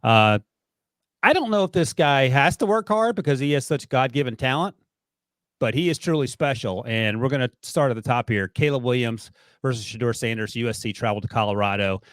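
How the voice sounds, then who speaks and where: A man's voice: mid-range voice, fairly quick, no echo. A man hosting a sports podcast in a casual, playfully teasing way. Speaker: podcast host.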